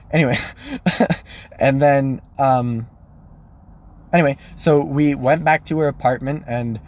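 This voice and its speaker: A young man spins a long, casual story about a date, his voice sitting at an ordinary middle pitch. He fills his sentences with "like" and "uh", corrects himself mid-thought, and laughs easily as he goes. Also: fairly even intonation, slow, pauses often, darkish tone. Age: young adult. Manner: chatty, full of "like" and self-corrections, laughs easily. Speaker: college student telling dating stories.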